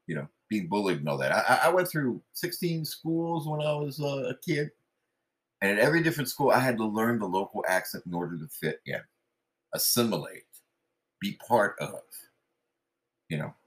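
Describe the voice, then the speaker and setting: A man's voice: deep voice, a bit bright. A man hosting a podcast, talking in a blunt, rambling, sarcastic opinion monologue full of filler. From West Coast of the US. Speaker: podcast host.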